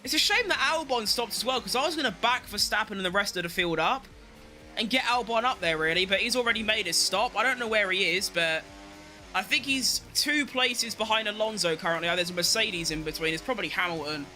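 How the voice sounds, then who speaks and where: A young man giving excitable live commentary on his racing game, talking to himself and swearing at rivals and his car. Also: high-pitched, fairly quick, faint music behind. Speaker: game streamer.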